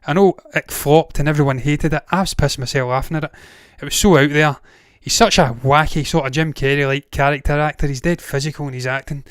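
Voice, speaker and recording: A slightly high, smooth voice moves at a quick, steady pace with hardly any pauses, recorded with clean studio sound and no echo. The speaker is a Scottish man with a Glaswegian accent hosting a movie news show, ranting casually and opinionatedly with blunt swearing and many digressions.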